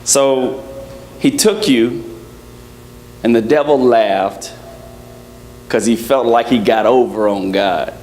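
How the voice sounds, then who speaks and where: A man preaching a lively sermon to his congregation, joking and acting out little scenes as he goes. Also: mid-range voice, takes it slowly, long pauses, a little hiss or hum. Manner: playful, acts out quotes, laughs with congregation. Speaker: pastor. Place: church service.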